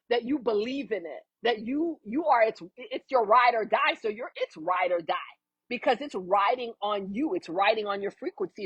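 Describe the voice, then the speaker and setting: A woman's voice: fairly high pitch, breathy edge, no room sound, poor audio. A woman teaching a yoga lesson, talking emphatically and with sass while she massages and foam rolls. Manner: emphatic, preachy, sassy teaching. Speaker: yoga instructor. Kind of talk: guided yoga lesson with talk.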